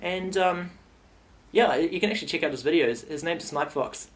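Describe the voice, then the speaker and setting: A man's voice: fairly high pitch, moderate pace. A young man telling a silly comic story in a vlog, rambling and playful. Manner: rambling, playful, animated retelling. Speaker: vlogger.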